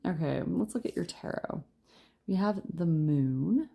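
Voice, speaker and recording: A woman's voice: fairly low pitch, lively intonation, unhurried, vocal fry, warm tone, breathy edge. A woman giving a chatty pick-a-card tarot reading, tired and yawning, joking at her own slips and laughing often. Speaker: tarot reader.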